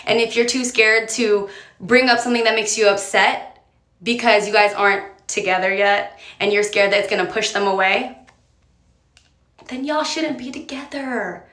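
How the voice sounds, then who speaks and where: A woman talks straight to camera, handing out friendly advice in a chatty, direct manner. Her voice sits at a middling pitch. The room around her rings with a noticeable echo. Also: level tone, normal speed, fairly bright tone. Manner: direct, chatty, coaxing the viewer along. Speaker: advice creator. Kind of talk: casual advice monologue to camera. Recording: roomy echo.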